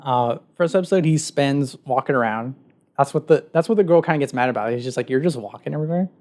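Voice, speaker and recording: A man's voice: mid-range voice, brisk, darkish tone. Rambling man retelling a show. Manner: rambling retelling with filler words and acted quotes. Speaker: podcast co-host. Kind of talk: casual chat.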